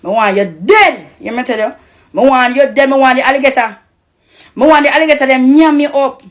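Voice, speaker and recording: Speaking briskly in a high voice, this woman from Costa Rica, a social media figure with a Jamaican Patois accent, launches into a fiery, curse-laden rant during a live stream.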